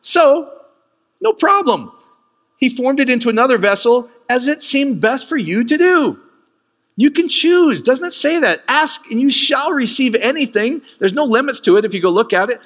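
A man preaching a sermon in an animated way, jumping from loud bursts to quiet asides. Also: in a large hall. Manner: animated, swings from loud peaks to low asides.

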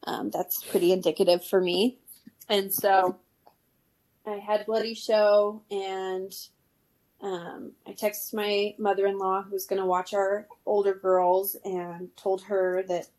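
A woman's voice: medium pitch, flat delivery, slow pace, darkish tone. A woman in her thirties, a podcast guest telling a story in casual chat, laughing often and using many fillers.

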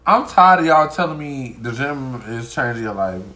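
A man's voice: mid-range voice, animated, moderate pace, bright, forceful tone. Playful man in casual podcast banter. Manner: joking, breaks into song snippets and mock voices. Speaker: podcast co-host. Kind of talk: casual chat.

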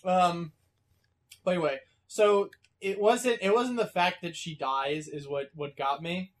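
A young man in casual chat, expressive and laughing a lot. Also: sits high, unhurried.

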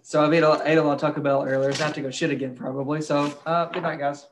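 A man's voice: a little high, flat delivery, racing, a little hiss or hum. Swearing young man on a podcast. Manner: crude, swears freely, laughs while telling grim facts. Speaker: podcast co-host. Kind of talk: casual true-crime podcast chat.

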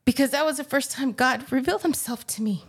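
Her voice is high and husky, and she talks fast. She co-hosts a faith podcast, where she shares her personal testimony with earnest feeling and urges her listeners, emotion audible in her words.

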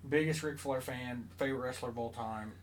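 A man's voice: mid-range voice, brisk, a little hiss or hum, low-quality recording. A man chatting casually on a podcast, telling a long story with lots of fillers and asides. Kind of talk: casual chat.

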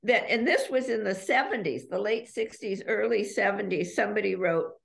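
A middle-aged woman, an author guest on a podcast, chatting and reading passages from her book in an animated, storytelling way. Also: medium pitch, moderate pace, gravelly. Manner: animated storyteller who reads passages aloud. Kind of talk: podcast conversation.

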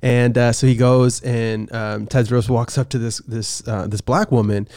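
A man co-hosting a casual podcast chat, telling relaxed anecdotes. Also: medium pitch, moderate pace, no echo, clean studio sound. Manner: relaxed anecdotes with fillers and restarts. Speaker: podcast co-host.

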